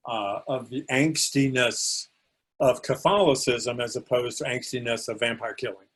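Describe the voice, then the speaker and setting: A man's voice: medium pitch, moderate pace, fairly bright tone, slightly rough. A man co-hosting a podcast, giving thoughtful, meandering opinions on a film. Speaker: podcast co-host. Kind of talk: casual film discussion.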